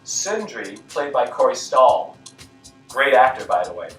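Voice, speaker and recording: Lively, critical male film reviewer. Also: mid-range voice, a little slow. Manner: dry, critical, mildly exasperated. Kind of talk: scripted movie review narration. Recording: echoey room, mic at a distance, faint music.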